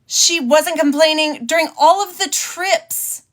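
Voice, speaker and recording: A woman's voice: high-pitched, unhurried, fairly bright tone. A young woman hosting a podcast, bluntly telling an emotional personal story and swearing freely. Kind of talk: candid storytime monologue.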